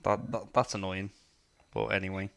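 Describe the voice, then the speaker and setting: A man co-hosting a podcast over an online call, excitable and given to exasperated grumbling. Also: fairly low pitch, moderate pace, creaky. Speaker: podcast co-host. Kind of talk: casual chat.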